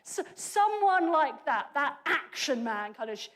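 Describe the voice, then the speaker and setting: This preacher's high voice carries a conversational, humorous sermon full of energy. She frequently cuts herself off partway through a phrase, then starts over with a quick correction.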